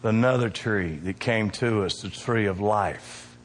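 A man's voice: lowish voice, unhurried, in a large hall, a little hiss or hum. A male pastor preaching a sermon, emphatic and calling out to his congregation in a church. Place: church sanctuary.

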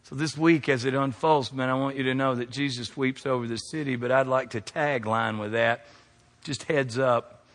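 Preacher in a reverberant hall. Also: male voice, fairly even intonation, moderate pace. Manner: call-and-response preaching, rises high and loud then drops low. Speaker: pastor. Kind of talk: sermon.

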